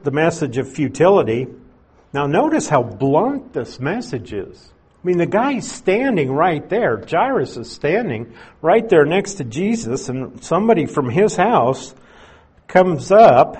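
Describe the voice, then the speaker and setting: A man with a husky, slightly breathy voice preaches through a Bible passage. He explains verses in a plain way and drops in casual asides. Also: on the high side, a little mellow. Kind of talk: expository sermon.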